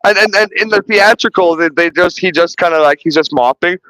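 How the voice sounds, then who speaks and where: A man's voice: sits high, a little fast, pushed and bright, dry recording, rough recording. A man hosting a podcast, retelling film scenes in casual, rambling chat full of restarts and swearing. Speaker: podcast host reviewing a film.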